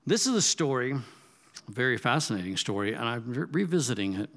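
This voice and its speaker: A man delivers a sermon in a relaxed, conversational manner. His voice sits at an ordinary middle pitch. He asks his listeners pointed questions, swells into emphatic bursts, and drops into soft, low asides. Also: fairly quick. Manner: talks directly to the congregation with questions. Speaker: pastor.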